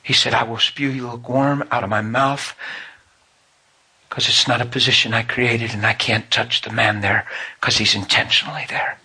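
Man preacher, husky voice, bright and forceful tone, emotional testimony. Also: medium pitch, flat delivery, moderate pace. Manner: emotional, storytelling, rising to fervent. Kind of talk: sermon with personal testimony.

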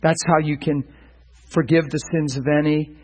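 Husky, earnest male preacher. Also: a little high, moderate pace, low-quality recording. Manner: earnest, animated, with stumbles and repeated words. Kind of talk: sermon-style teaching.

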